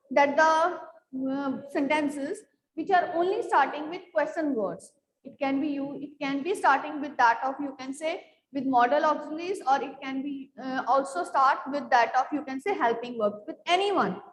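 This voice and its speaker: A woman teaching a grammar class, repeating her questions to the students and filling with "you can say". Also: sits high. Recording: echoey room with long reverb.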